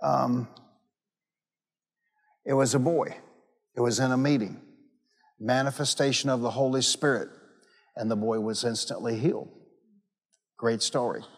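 A man's voice: mid-range voice, steady tone, a little slow, long pauses, breathy edge, in a large hall. A man preaching a sermon to his congregation. He tells stories and repeats phrases for emphasis. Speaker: pastor.

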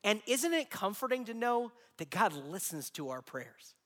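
Male pastor, forties, very high voice, folksy preaching with jokes and rhetorical questions, long hall reverb. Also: big pitch swings, normal speed. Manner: warm storytelling with humor and rhetorical questions. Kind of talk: sermon.

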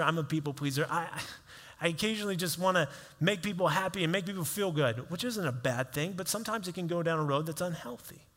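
A man's voice: high-pitched, bright, forceful tone, big-room sound. A male pastor preaching a sermon in a conversational style, acting out quoted voices as he tells a story.

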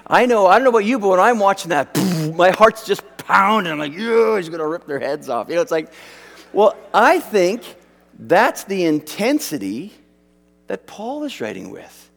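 A man's voice: sits high, very animated, moderate pace, gravelly, fairly bright tone, in a large hall. A man preaching a sermon as a pastor, talking in a loose, conversational way with restarts and fillers.

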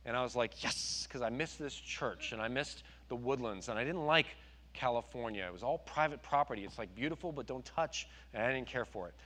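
A man preaching a sermon, telling his story with animated quoted voices. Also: mid-range voice, fairly quick. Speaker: pastor.

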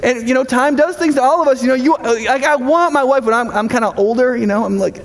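A middle-aged male pastor preaching a sermon in a lively, conversational way, full of rhetorical questions. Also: very high-pitched, fast, few pauses, big-room sound.

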